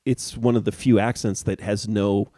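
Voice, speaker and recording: A man with a lowish, mellow voice talks through a casual podcast chat. He wanders, restarts sentences and hunts for names as he goes. The sound is dry and close. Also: flat delivery, normal speed, dry recording. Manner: rambling, searching for words, many restarts. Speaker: podcast co-host.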